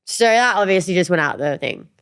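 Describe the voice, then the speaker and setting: A woman's voice: on the low side, lively intonation, brisk, a bit bright, smooth. A woman in her late twenties from Tasmania with an Australian accent, co-hosting a casual chat and laughing often. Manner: giggly, reads out old answers with frequent laughs. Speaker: podcast co-host.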